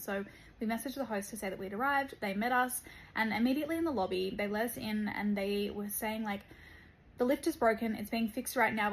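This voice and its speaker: Woman, mid-pitched voice, measured storytime, faint background hiss. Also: low-quality recording. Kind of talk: casual storytime to camera.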